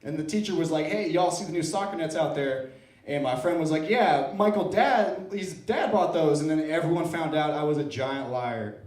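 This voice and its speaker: A man's voice: fairly high pitch, brisk, a little mellow, roomy sound, distant mic. A man from Iowa doing an open-mic stand-up set in a comedy club, playful and self-deprecating as he works the crowd.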